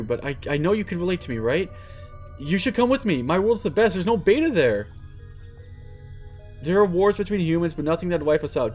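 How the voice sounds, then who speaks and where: A man reading aloud as a despairing young man, a former high school student trapped in a war, in a pleading, self-pitying way. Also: a little mellow, natural voice. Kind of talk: reading a visual novel aloud.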